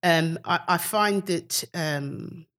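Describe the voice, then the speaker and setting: A woman comedian chatting as a podcast guest, telling stories in a lively way and acting out what other people said. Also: takes it slowly. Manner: animated storyteller, acts out quotes with big pitch jumps. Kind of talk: casual podcast chat.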